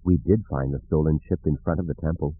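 A man voicing a grave, hesitant female Calamarian Jedi trainee in an audiobook, with a thin, husky voice and a slow, solemn manner. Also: rumbling low, dry recording, soft background music. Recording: narrow phone-like audiobook recording.

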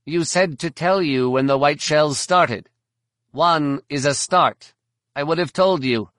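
A man doing a high, earnest insect alien. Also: slow, fairly bright tone, no echo, clean studio sound. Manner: earnest, formal, oddly precise. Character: literal-minded male insectoid alien.

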